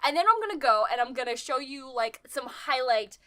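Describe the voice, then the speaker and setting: A young woman co-hosting a podcast, chatting casually, animated and rambling with frequent restarts. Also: high-pitched, brisk. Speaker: podcast co-host. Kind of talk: casual chat.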